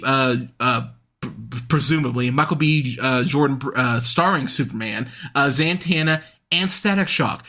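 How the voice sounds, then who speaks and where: A podcast host in full rant, cursing freely and sounding fed up. His voice sits high and sharp, cutting through with a bright, forceful edge. He slips into mocking voices now and then to sneer at his opponents. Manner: heated, profane, exasperated ranting with sarcastic mock voices. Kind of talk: ranting podcast commentary.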